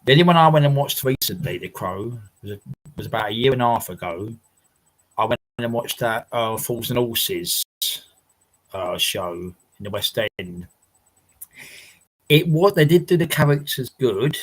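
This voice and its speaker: A man's voice: medium pitch, expressive, normal speed, low-quality recording. A man hosting a casual livestream from his house, chatting with viewers in a rambling way, laughing often and swearing now and then. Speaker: livestream host. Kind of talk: casual chat reading viewer comments.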